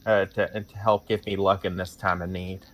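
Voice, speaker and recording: A man's voice: low voice, flat delivery, fairly quick, noisy background. A man playing a tabletop game, rambling with many fillers. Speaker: player.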